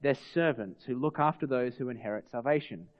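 A man's voice: mid-range voice, a little fast. A man preaching a sermon as pastor, earnest and putting rhetorical questions to his congregation. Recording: long hall reverb, dull lo-fi sound.

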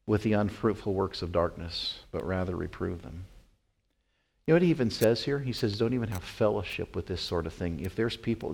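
Middle-aged guy preaching, lowish voice, gets loud and fired up on points. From Wyoming. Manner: earnest preaching with rising emphatic peaks and many fillers. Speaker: pastor. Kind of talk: sermon.

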